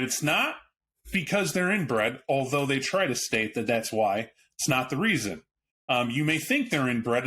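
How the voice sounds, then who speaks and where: The recording carries a little hiss or hum under this podcast host's medium-pitched, fairly bright voice. He gives a casual, straight-talking take on a tabletop game book, throwing in the odd swear word and restarting sentences as he thinks aloud.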